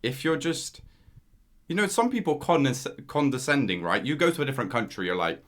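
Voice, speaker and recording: A man co-hosting a casual podcast, talking in an animated way, laughing often and calling his friend "mate". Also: mid-range voice, a little fast. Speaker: podcast co-host. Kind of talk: casual chat.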